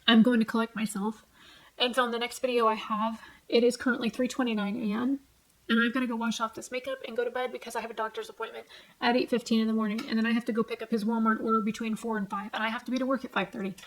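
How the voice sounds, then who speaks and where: A woman's voice: on the high side, poor audio. A woman, venting at home in a casual vlog rant. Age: 40s. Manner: angry, profane, heated retelling. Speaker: vlogger. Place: home, at night, seated on a stool.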